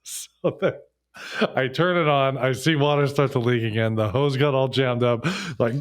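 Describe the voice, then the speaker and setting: A man's voice: medium pitch, fairly even intonation, moderate pace, smooth. A man co-hosting a podcast in casual chat, laid-back, laughing often while telling stories about his own mishaps. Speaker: podcast co-host.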